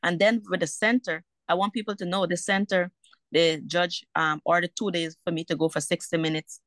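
A woman's voice: fairly low pitch, fairly even intonation, brisk, fairly bright tone, dry recording. A woman, a mother caught in a custody dispute, telling her story in a heated, indignant way and repeating herself for emphasis. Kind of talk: emotional personal account.

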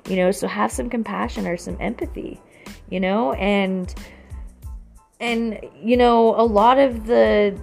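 A woman's voice: mid-range voice, fairly even intonation, measured pace, vocal fry, soft background music. A young adult woman in a casual, rambling monologue, earnest and heavy on "you know" fillers.

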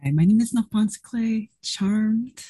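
A woman's voice: mid-range voice, slow, warm tone, husky, voice pushed up. A woman playing a flamboyant artist obsessed with fashion, talking in a gushing, effusive way. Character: flamboyant fashion-loving artist with an eye for style.

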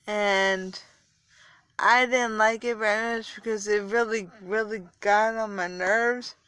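A young adult woman podcaster, a little tired, rambling casually with halting pauses and fillers. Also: medium pitch, steady tone, a bit bright, no room sound. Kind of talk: casual solo podcast talk.

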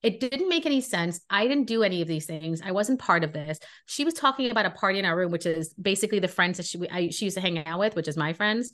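Talking fast with hardly a pause, this podcast co-host from Brooklyn has a fairly low voice. She relays a story in easygoing chat, performing each line of dialogue with animated indignation.

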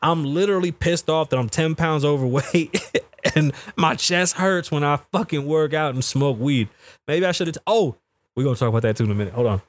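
A man in his thirties hosting a podcast, telling a story in a profane, animated way and acting out the people he quotes. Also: on the high side, brisk. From United States. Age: 30s. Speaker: podcast host. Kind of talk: casual storytelling monologue. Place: podcast studio.

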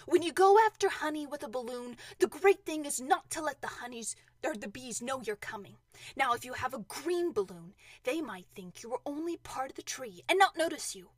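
Storybook teddy bear, a woman reading: high, thoughtful, ponderous. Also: animated, moderate pace, no echo. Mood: earnest. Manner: earnest and ponderous, with hesitant restarts. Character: gentle, earnest, slow-witted male teddy bear.

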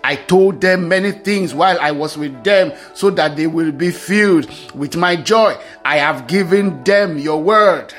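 Male preacher, high register, emphatic, repeats lines for effect, soft music underneath. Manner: emphatic, repeats key phrases, reads scripture aloud. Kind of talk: sermon.

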